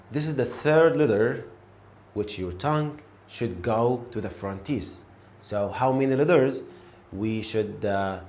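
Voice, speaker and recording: Patient male teacher, slow and clear, mid pitch. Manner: encouraging, repeats each letter slowly and clearly. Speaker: Arabic teacher. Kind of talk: beginner pronunciation lesson.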